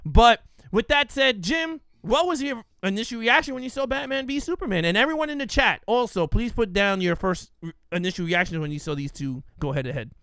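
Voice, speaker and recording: A man co-hosting a casual podcast, excitable and reading out chat comments. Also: high-pitched, a little fast, few pauses, dry recording. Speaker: podcast co-host.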